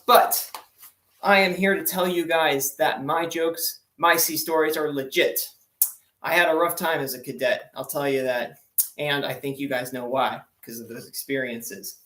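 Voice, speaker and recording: A man's voice: on the high side, a bit bright. A young man telling rambling sea-story jokes as a stand-up comedian, with lots of fillers. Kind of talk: joke-telling sea stories. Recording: echoey room.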